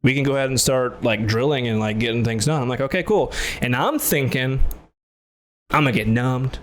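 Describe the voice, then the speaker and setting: A man on a casual podcast spins an animated story, acting out the other person's lines in his own voice. His pitch sits in the middle range, and he says "like" a lot and swears freely. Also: brisk. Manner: animated, acts out both sides of the story, laughs loudly. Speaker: podcast host.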